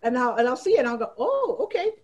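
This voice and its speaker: Lively teacher lady, bit higher voice, acts out the kids when she tells stories. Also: rapid-fire, muffled recording. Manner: animated, acts out students' voices in quotes. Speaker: teacher giving a training talk. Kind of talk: storytelling presentation.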